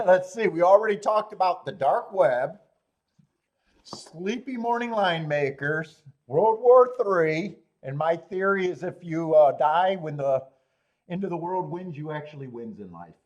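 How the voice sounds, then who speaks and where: A man's voice: a little high, animated, measured pace, dull audio. A man hosting a live horse racing stream, rambling and joking while greeting viewers in chat.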